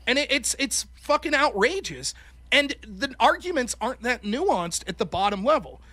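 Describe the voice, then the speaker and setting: High, lively voiced man swearing freely. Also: moderate pace. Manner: animated, swears constantly, acts out quotes. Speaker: podcast guest, former college debater. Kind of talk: casual profane chat.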